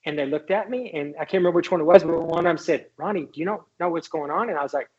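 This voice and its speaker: Fast-talking husky man telling a story. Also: on the high side, dull audio. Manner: animated anecdote, quotes others, many fillers and restarts. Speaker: guest, congressman and former White House doctor. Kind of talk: storytelling in an interview.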